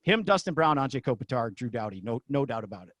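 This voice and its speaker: A middle-aged man, a former arena announcer, telling stories as a podcast guest in an excitable way. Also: mid-range voice, fast talker, no room sound. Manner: excitable, acts out shouted quotes. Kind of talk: animated storytelling in a podcast interview.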